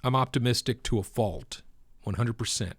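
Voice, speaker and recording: A man's voice: medium pitch, moderate pace, no room sound. Man, crypto market commentary, conversational, repeats for emphasis, dry close sound. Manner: conversational, emphatic, preacher-like repetition.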